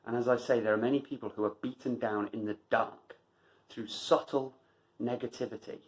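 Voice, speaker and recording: A man's voice: mid-range voice, steady tone, moderate pace, rough recording. Man, running vlogger, motivational monologue, emphatic, repeats lines for force.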